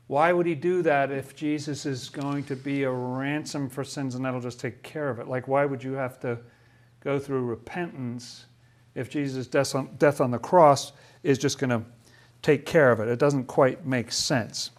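A man's voice: mid-range voice, fairly even intonation, moderate pace. A man leading a casual Bible study, thinking aloud and asking questions about the passages.

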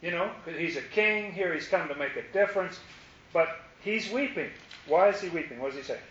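Animated man teaching a Bible study. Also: sits high, fairly quick. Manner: animated, asks questions, acts out the crowd's lines. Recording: echoey, muffled room recording with faint hiss.

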